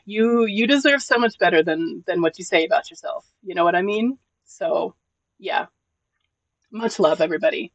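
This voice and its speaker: A live streamer in casual chat with viewers, gentle and encouraging, often repeating words at the start of sentences. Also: mid-range voice, expressive, moderate pace, no room sound, poor audio. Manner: emotional, gentle.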